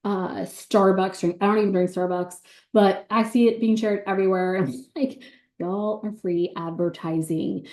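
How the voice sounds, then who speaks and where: A woman giving an excited, bubbly sales pitch on a video call, talking fast with many ums. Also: echoey room.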